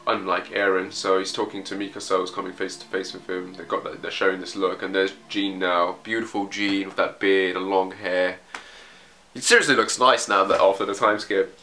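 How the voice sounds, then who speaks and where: Low-voiced man chatting through a comic read. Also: little pitch movement, moderate pace, pushed and bright. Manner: chatty, enthusiastic, with hesitations. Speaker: reaction video host reading a comic aloud. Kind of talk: casual live reading and commentary.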